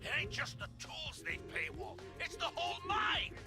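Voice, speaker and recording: A brash, folksy mine foreman from a video game, with a very high, lively voice that bounces all over the place. He fires off colorful slang in a drawl, with game music sounding clearly behind him. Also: moderate pace, heavily acted. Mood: exasperated. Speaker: game character.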